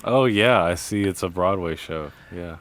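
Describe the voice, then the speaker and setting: A man's voice: low-pitched, unhurried, a bit bright, no room sound. A man hosting a podcast, laid-back and casual, swearing often as he asks questions. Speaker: podcast host. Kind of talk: casual chat.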